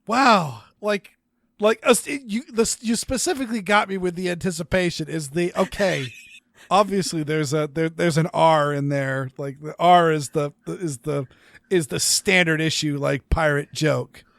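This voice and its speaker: A man's voice: fairly high pitch, vocal fry, fairly bright tone, dry recording, studio quality. A man co-hosting a casual podcast chat, rambling with restarts and laughing often. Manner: rambling, self-interrupting, quick to laugh. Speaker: podcast co-host.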